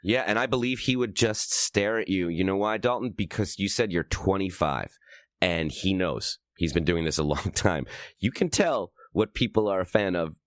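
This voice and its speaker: Lower-voiced man with wry quips. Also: expressive, moderate pace, dry recording, clean studio sound. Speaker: podcast co-host. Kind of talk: casual podcast chat.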